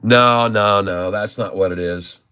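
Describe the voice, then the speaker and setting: A man vlogging his day trading live, grumbling and cursing at his trading software. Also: lowish voice, measured pace, smooth. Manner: grumbling, cursing, exasperated muttering. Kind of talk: casual live trading commentary.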